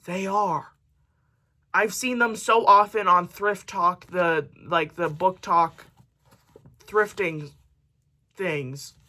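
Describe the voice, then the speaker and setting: Bright-voiced joking woman book vlogger. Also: fairly low pitch, slow, pauses often. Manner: jokey, chatty asides while reading synopses aloud. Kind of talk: casual chat to camera.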